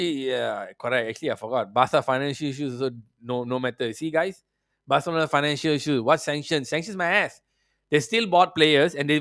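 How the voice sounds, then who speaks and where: A man's voice: on the high side, a bit bright, dry recording, studio quality. A man hosting a football podcast, delivering a profane, mocking rant. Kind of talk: ranting football commentary.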